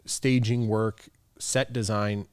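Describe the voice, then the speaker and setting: Man, low voice, casual podcast guest, chatty, dry close mic. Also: steady tone, takes it slowly, smooth, dry recording. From United States. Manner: chatty, laughs often, acts out quotes. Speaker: guest photographer.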